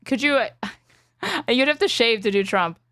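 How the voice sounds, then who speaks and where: Blunt, fast-swearing woman co-host. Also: fairly high pitch, sing-song, a bit bright, no echo, clean studio sound. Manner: blunt, swears freely, laughs often. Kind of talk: casual chat.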